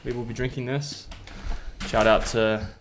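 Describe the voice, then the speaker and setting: A man's voice: mid-range voice, steady tone, unhurried, slight background noise. A young Australian man with an Australian accent, co-hosting a casual podcast in a dry, understated way. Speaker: podcast co-host.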